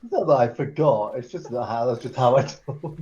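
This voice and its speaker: A man's voice: mid-range voice, expressive, normal speed, darkish tone, lo-fi sound. A young man in casual podcast chat, answering in a dry, blunt way.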